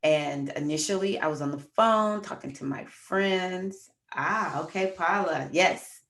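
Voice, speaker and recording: Middle-aged female host, low gravelly voice, casual, talks to her viewers as y'all. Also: measured pace, a bit bright. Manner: chatty, addresses viewers as y'all. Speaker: astrology livestream host. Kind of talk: casual storytelling livestream.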